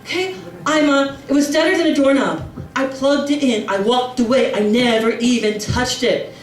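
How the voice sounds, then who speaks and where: A middle-aged woman performing a brash stand-up comedy routine, now and then breaking into shrill squealing voices for her relatives. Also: normal speed, recorded from a distance, slight background noise. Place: comedy club. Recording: echoey club room, mic heard from afar, audience laughter. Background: crowd laughing.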